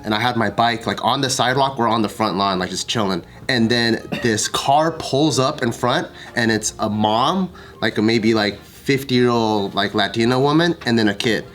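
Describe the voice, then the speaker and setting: A man telling a story in a casual chat, acting out his own shouts. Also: mid-range voice, normal speed. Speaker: co-host.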